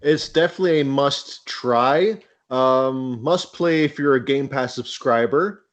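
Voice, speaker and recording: A man giving a measured, hesitant opinion on a gaming podcast. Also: medium pitch. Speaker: podcast panelist. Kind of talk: casual chat.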